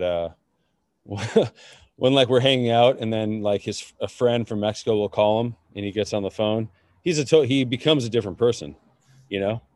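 A man's voice: on the low side, a little mellow, no room sound, studio quality. A man co-hosting a podcast, talking in a rambling, loose way with many fillers and restarts. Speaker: podcast co-host. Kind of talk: casual chat.

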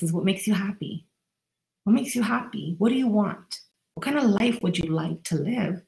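A woman's voice: mid-range voice, vocal fry, echoey room, low-quality recording. A woman life coach giving an earnest, direct motivational podcast monologue, speaking straight to the listener.

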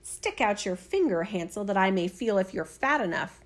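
A woman reading a fairy tale aloud, voicing a cruel old witch in a lower, gruff, scolding voice. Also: expressive, normal speed, natural voice. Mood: menacing. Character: wicked old female witch, cruel and greedy. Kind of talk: storybook reading.

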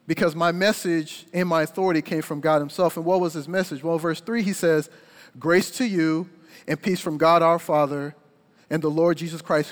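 High-voiced young preacher in a reverberant hall. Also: male voice. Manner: energetic storytelling preacher, lively and emphatic. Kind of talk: sermon.

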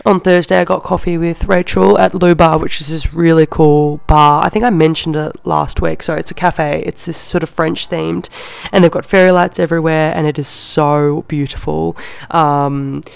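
A young woman hosts a podcast, telling a casual story in a chatty style and saying "like" a lot. Her voice is low and gravelly yet smooth, with fairly even intonation, normal speed, and no echo.

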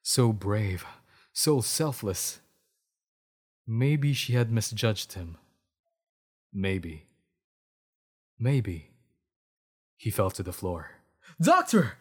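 A man reads a terrible story aloud in a deadpan, mock-dramatic narrator voice. Now and then he breaks off into laughing asides before going back to the text. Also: lowish voice, extremely slow, pauses often, slightly rough. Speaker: comedic story reader.

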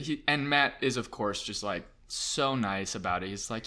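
A man as a podcast guest, telling an excitable, self-mocking story and acting out voices in a casual chat. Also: mid-range voice, moderate pace.

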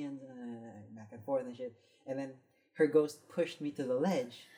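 A woman's voice: extremely low pitch, normal speed. A young woman casually telling a story to friends, swearing freely and acting out the lines of the people in it. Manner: animated, swearing, acts out quoted lines.

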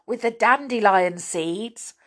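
Lady doing a chirpy odd little man, yells orders, storybook read-aloud. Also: mid-range voice, slow. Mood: urgent. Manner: bright, shouting calls. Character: cheerful, quick-thinking odd little man who yells.

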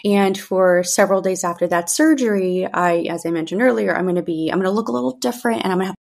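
A woman's voice: mid-range voice, fast talker, vocal fry, a little mellow. A woman in her thirties hosting a podcast, talking candidly about her family with frequent restarts and fillers. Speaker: podcast host. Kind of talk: personal monologue.

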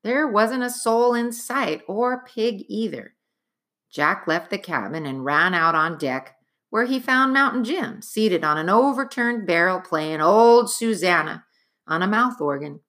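A woman narrating a chapter book aloud in an expressive, dramatic storytelling manner. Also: medium pitch, a little slow.

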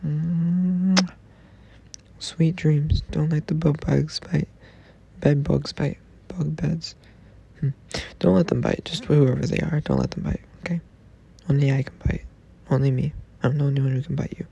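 A young man with a gravelly, husky voice, a bit higher than most men, speaks in a darkly mellow tone. He rambles tenderly to his girlfriend in an intimate personal recording, teasing her and at times sinking to a soft whisper. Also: fairly even intonation, normal speed, muffled recording.

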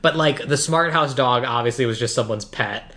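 A co-host in a casual podcast chat, calmly walking through a movie's plot and agreeing easily. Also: mid-range voice, moderate pace. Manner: laid-back, agreeable, narrates the plot.

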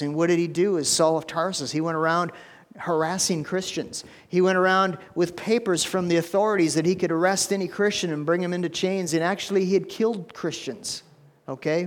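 A male pastor preaching a sermon in a church, telling stories with animated energy and stammered restarts. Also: fairly high pitch, long reverb tail.

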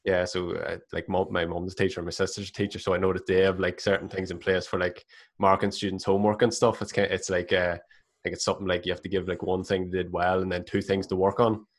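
A man speaking as a coach who is a guest on a casual podcast, talking in a measured, reflective way with many filler "like"s. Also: sits low, flat delivery.

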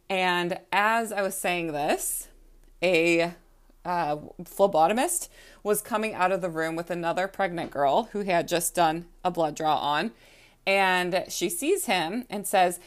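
A woman's voice: fairly low pitch, moderate pace. A young adult woman telling a personal story in a casual, chatty way, with frequent "like" fillers and acted-out quotes. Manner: chatty, heavy use of "like", acts out quotes.

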